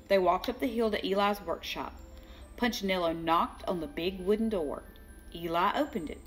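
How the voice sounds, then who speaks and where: Older woman reading a storybook slowly. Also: mid-range voice, slight background noise. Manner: slow, lively voices for each character. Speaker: children's book reader. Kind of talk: storybook read-aloud.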